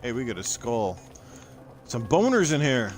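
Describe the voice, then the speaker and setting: A man's voice: mid-range voice, very animated, a little slow. A man from Newfoundland hosting a podcast, joking crudely and swearing freely while playing a video game. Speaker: podcast host. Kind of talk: casual gaming chat while playing.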